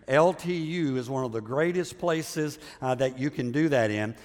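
Storytelling pastor in an echoey hall. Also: male voice, on the high side, measured pace, hardly any pauses. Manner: conversational storyteller, asks the audience for agreement. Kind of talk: sermon.

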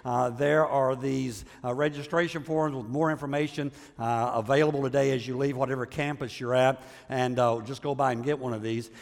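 A man's voice: mid-range voice, steady tone, moderate pace, few pauses, in a large hall. A man preaching a sermon as a pastor, talking conversationally and often checking in with the audience. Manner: conversational storyteller, asks the audience for agreement.

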